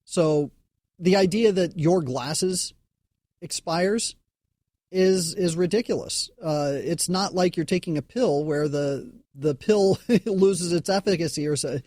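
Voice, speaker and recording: A man's voice: fairly high pitch, slow, a little mellow, no room sound, clean studio sound. A man in a casual panel chat, making wry complaints.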